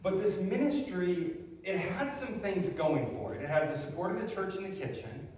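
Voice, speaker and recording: A man's voice: sits high, lively intonation, moderate pace, darkish tone, slight background noise. A male pastor preaching a sermon in a conversational, self-deprecating storytelling manner. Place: church sanctuary. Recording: echoey hall from far off.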